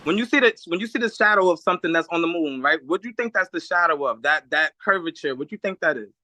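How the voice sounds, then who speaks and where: A man with a New York accent, calling in to a debate, talking fast and pushing his point with restarts. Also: on the high side, animated, bright, forceful tone. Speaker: caller. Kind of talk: call-in debate.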